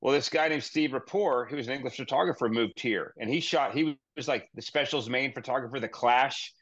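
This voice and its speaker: A man hosting an interview podcast, chatting and asking questions in a relaxed, conversational way. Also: medium pitch, a little fast, breathy edge, highs cut off. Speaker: podcast host. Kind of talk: casual interview chat.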